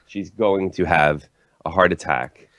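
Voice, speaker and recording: Low-voiced, rambling, hungover man. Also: fairly bright tone, no room sound. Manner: rambling, profane, halting restarts and fillers. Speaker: hockey channel host, guest. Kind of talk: casual chat. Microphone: Skype call.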